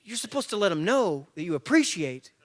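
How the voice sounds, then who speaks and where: A man from Tennessee and Georgia, speaking at a church men's breakfast and telling a story to a live audience. He acts the story out, moving between loud bursts and hushed asides. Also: high-pitched, very animated, fairly quick.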